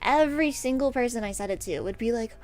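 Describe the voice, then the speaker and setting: A young woman streaming while she draws, telling a story in an animated, rambling way, with lots of fillers and laughs. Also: on the high side, quick pace. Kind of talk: casual storytelling chat while drawing. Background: faint background music.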